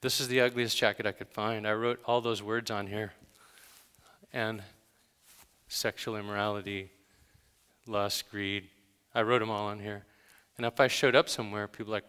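A man's voice: fairly low pitch, level tone, moderate pace, long pauses, pushed and bright, clean tone. A male pastor giving a conversational, emphatic sermon, telling everyday stories with dramatic gasps. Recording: long hall reverb.

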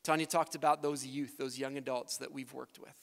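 A man's voice: medium pitch, level tone, a little fast, vocal fry, fairly bright tone. A man who grew up in Canada, speaking earnestly as a missionary in a church sermon and prayer, building to emphatic peaks. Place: church sanctuary. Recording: preacher in a long-reverb hall.

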